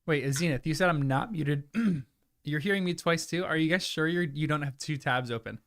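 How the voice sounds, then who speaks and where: A man's voice: fairly high pitch, moderate pace, fairly bright tone, no echo, studio quality. A man hosting a livestream, chatting loosely and apologetically with his viewers, sometimes talking through a mouthful of food. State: chewing food at times. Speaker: livestream host. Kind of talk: casual chat with live viewers.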